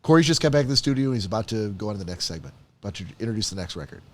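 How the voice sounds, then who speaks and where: A man's voice: on the low side, lively intonation, a little hiss or hum. A man co-hosting a podcast in casual, joking banter, laughing often between lines. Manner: joking, quick laughs, playful. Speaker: podcast co-host.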